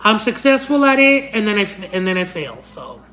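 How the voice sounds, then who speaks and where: A young woman chats on her livestream in a mid-range voice, her Spanish roots showing. She speaks to fans with affectionate pet names, rambling with restarts and quick laughs. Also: medium pitch, big pitch swings, a bit bright, poor audio. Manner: affectionate, calls viewers honey and my love. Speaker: livestream host. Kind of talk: casual livestream chat.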